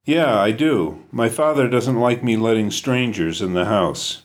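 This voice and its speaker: A man's voice: mid-range voice, a little slow, natural voice. A man voicing a wary, sullen teenage boy who answers in short, guarded replies in a storybook reading. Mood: curt. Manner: curt, guarded.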